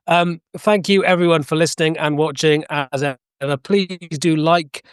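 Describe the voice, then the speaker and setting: A man hosting a casual football podcast, brisk and jokey as he moves the show along. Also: on the high side, steady tone, clear, resonant tone, no echo, studio quality. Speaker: podcast host. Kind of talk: casual chat.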